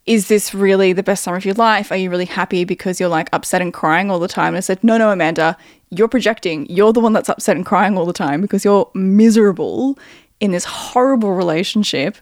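A woman's voice: mid-range voice, a little fast, no echo, studio quality. A woman co-hosting a podcast in casual chat, blunt and exasperated. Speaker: podcast co-host.

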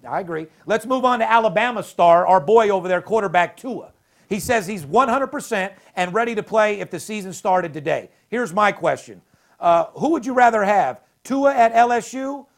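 High-voiced guy hosting a sports betting podcast, swearing a lot, super hyped. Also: animated, normal speed. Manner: brash, profane, hyped. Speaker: podcast host. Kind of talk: casual sports betting talk.

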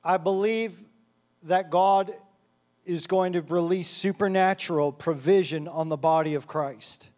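Guy preaching hard, pretty high voice for a man, all fired up. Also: fairly even intonation, a little slow, a little mellow. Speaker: pastor. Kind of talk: sermon with scripture reading.

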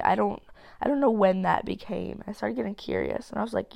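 A nineteen-year-old woman talking alone on her podcast, thinking out loud. She rambles through tangents with lots of fillers and casual swearing. Her voice has a gravelly, fry-tinged edge and sits at a middle pitch, and she sounds like she is getting over a cold. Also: a little fast. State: sick with a cold. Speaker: podcast host. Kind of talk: solo podcast monologue.

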